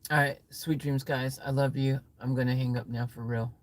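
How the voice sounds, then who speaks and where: A woman's voice: rumbling low, level tone, normal speed. A woman vlogger chatting playfully with her viewers on a phone while parked in her car at a gas station at night. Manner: playful and jokey, says goodnight to viewers. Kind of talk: casual livestream chat.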